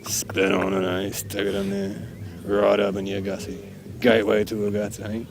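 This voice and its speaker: A young man with a low, gravelly voice drawls through a crude, rambling comedy rant, tagging his lines with "mate" and "eh". He talks slowly and loosely, recorded outdoors at a festival with loud noise all around. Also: completely flat delivery. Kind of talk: improvised in-character comedy rant.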